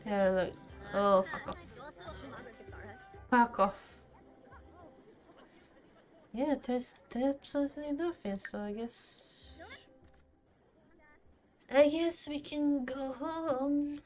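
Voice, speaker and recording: A woman's voice: high-pitched, drawn-out words, long pauses, darkish tone, soft background music. A woman casually commenting on her gameplay, talking to her character and laughing often. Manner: talks to her game character, laughs a lot. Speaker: gaming channel host.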